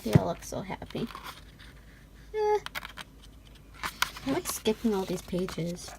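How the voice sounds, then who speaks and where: A young woman vlogger gushing through an unboxing in casual chat, often dropping into soft whispered asides. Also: medium pitch, big pitch swings, slow pace, gravelly, noisy background.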